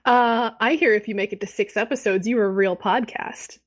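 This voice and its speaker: A woman's voice: medium pitch, normal speed. A woman co-hosting a podcast about tabletop gaming, joking and swearing in casual chat. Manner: joking and profane, often laughing. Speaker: podcast co-host.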